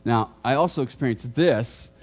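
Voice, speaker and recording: A man's voice: mid-range voice, moderate pace. A middle-aged man preaching a sermon as pastor, telling stories with humor and asking the congregation questions. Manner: storytelling, jokes and questions to the congregation. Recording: dull lo-fi sermon recording.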